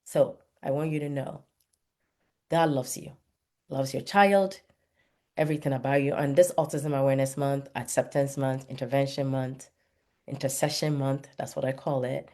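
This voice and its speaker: A woman hosting a motivational talk, speaking passionately with lively, preachy emphasis. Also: rumbling low, moderate pace. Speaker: host.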